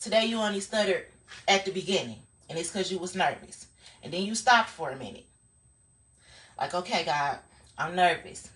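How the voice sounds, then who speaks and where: A woman's voice: on the low side, lively intonation, moderate pace, pauses often, a bit bright, recorded from a distance. A woman streaming live, giving a blunt, profane motivational talk in a casual, preachy way.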